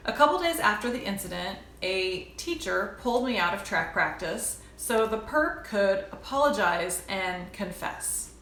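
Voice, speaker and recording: An American woman in her forties tells a personal story in a chatty vlog, speaking straight to her viewers and calling them "you guys." Her mid-range voice has a fairly bright tone. The recording has a roomy echo, faint backing music, and a little hiss or hum.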